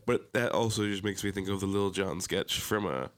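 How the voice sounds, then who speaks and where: A man's voice: sits low, normal speed. A man with a Philadelphia accent, co-hosting a casual podcast chat, swearing and joking, slipping into mocking impressions. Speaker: podcast co-host.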